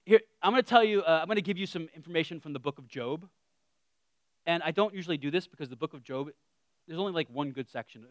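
A man preaching a casual, humorous sermon, animated, with self-deprecating asides that trail off quietly. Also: high-pitched, no room sound, studio quality.

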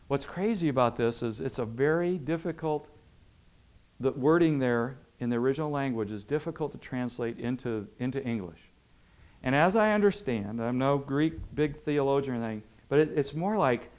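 Pastor, male, dramatic sermon delivery with sharp loud and soft swings, dull lo-fi recording. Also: a little high, normal speed.

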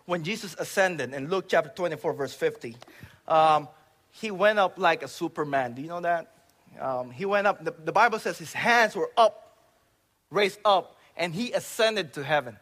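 A man from the Philippines, preaching a storytelling sermon in church, swinging from loud exclamations to hushed asides. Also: a little high, lively intonation, normal speed.

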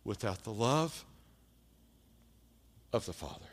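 A man preaching a sermon, telling a story with lively shifts between hushed and loud delivery. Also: on the low side, slow. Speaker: pastor.

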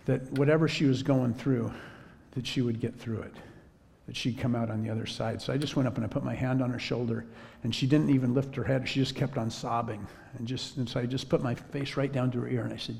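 Gravelly man preaching in a reverberant hall. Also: medium pitch, fairly even intonation, fast talker, darkish tone. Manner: conversational, drops to a whisper when quoting himself. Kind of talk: sermon storytelling.

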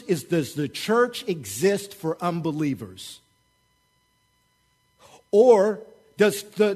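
A man with a Southern accent preaching to his congregation in a high, bright-toned voice. He jokes freely and grows loud and animated as he acts out other people. This is a full, lively sermon. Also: husky. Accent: Southern American. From American South. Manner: animated, joking, swings loud for mock voices. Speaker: pastor. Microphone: website recording of a church service.

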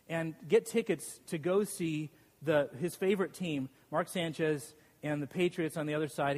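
A man preaching a sermon as a pastor, telling stories with self-deprecating humor and frequent laughs. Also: on the high side. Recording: long reverb of a large hall.

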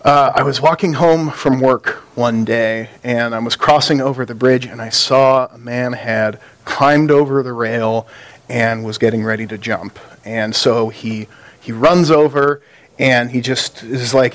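A man preaching in a relaxed, conversational way. He keeps a dry, easy storyteller's delivery as he talks to a congregation, at a middle pitch. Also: unhurried. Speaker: pastor. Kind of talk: sermon with a told joke.

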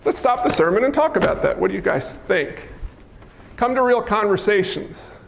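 A male pastor preaching a lively, teasing sermon, acting out scenes in a church sanctuary. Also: high-pitched, normal speed, gravelly. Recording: echoey hall with long reverb.

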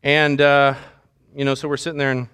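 A man's voice: medium pitch, flat delivery, a little fast, fairly bright tone, clean tone. A man preaching a sermon as pastor, joking and mimicking how people pray.

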